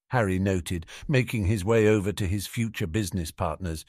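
A man's voice: lowish voice, expressive, moderate pace, hardly any pauses, dry recording, studio quality. A man reading a fan fiction story aloud as audiobook narration. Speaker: audiobook reader.

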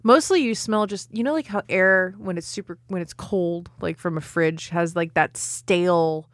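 A woman's voice: on the low side, normal speed, dry recording, clean studio sound. A woman co-hosting a comedy podcast, telling rambling, profane stories in casual chat. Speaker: podcast co-host.

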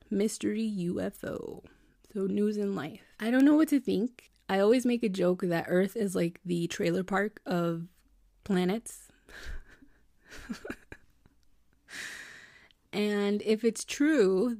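A woman hosting a casual storytelling podcast, reading an account aloud and breaking off into excited asides and repeated words. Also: mid-range voice, creaky, dry recording, clean studio sound. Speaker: podcast host.

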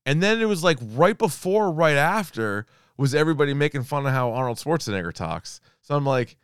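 A man's voice: on the high side, big pitch swings, brisk, clean tone, no room sound, clean studio sound. A man in his thirties co-hosting a podcast in casual chat, laughing often and swearing freely. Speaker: podcast co-host.

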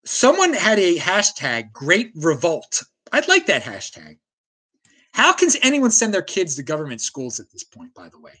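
Male host, combative livestream ranter, very lively pitch, frequent stammered restarts. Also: moderate pace, slightly rough. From United States. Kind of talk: ranting livestream commentary, reading viewer chat.

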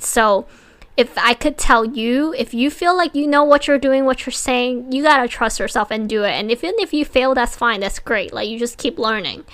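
A woman's voice: on the high side, fairly bright tone. A woman hosting a motivational talk, earnest and encouraging, often restarting her sentences. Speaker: podcast host.

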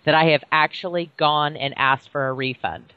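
A woman's voice: sits low, steady tone, normal speed, smooth, no echo, narrow, tinny audio. A middle-aged woman co-hosting a podcast over a video call, chatting casually and bluntly, swearing freely. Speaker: podcast co-host. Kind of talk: casual chat.

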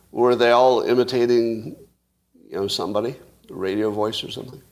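A man's voice: mid-range voice, fairly even intonation, brisk. A man hosting a casual solo commentary, musing aloud, asking rhetorical questions and chuckling to himself. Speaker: show host commentator.

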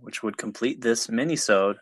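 A man's voice: mid-range voice, moderate pace, a bit bright, no echo, poor audio. A man co-hosting a podcast in casual chat, full of playful, teasing banter. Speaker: podcast co-host.

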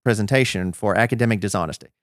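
Racing along in a fairly low pitch, a man on a podcast shares his own story as a guest. He reflects, pokes fun at himself and restarts many times, and the recording is dry with clean studio sound.

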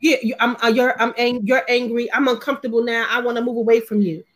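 A woman's voice: a little high, flat delivery, fast. A woman talking bluntly and emphatically in a casual panel discussion, swearing freely and mimicking others' lines.

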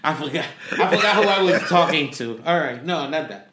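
A man co-hosting a podcast, chatting casually in an animated way with quick laughs. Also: on the high side. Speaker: podcast co-host. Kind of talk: casual chat. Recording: roomy echo.

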